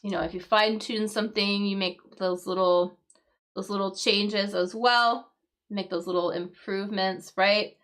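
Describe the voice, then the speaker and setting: A woman's voice: mid-range voice, fairly even intonation, a bit bright. A woman teaching English vocabulary on a live crossword stream, explaining words patiently and checking in with "right?" as she goes. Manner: explains slowly with frequent "right?" checks and fillers.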